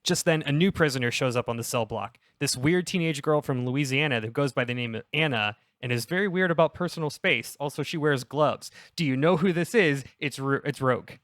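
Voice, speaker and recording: Young man, bright voice, dry close sound, casual rambling podcast pitch. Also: fairly quick, few pauses, dry recording. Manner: rambling, self-interrupting, laughs at own jokes. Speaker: podcast host pitching a story. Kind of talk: casual comedic podcast chat.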